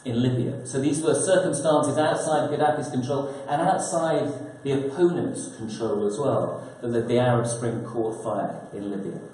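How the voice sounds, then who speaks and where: Author, mellow voice, thoughtful talk with rhetorical questions, echoey conference hall. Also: male voice, medium pitch, normal speed, few pauses. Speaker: author and speaker at a press conference. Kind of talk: prepared talk to an audience.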